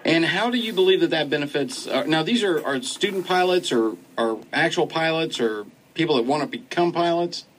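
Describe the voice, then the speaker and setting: A man's voice: on the high side, expressive, normal speed, few pauses, slight background noise, poor audio. A man hosting a radio interview, often stammering and repeating his words. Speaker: radio host.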